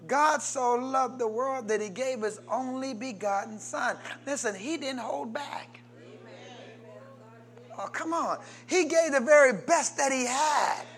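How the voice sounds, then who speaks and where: A pastor preaches a sermon, prompting his congregation to answer back. His delivery swings between loud, emphatic calls and low, quiet asides.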